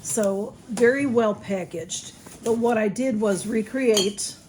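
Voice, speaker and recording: A woman's voice: fairly high pitch, slow, noisy background. A woman, chatting casually through an unboxing with lots of ums and restarts. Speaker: vlogger. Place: home room with a ring light.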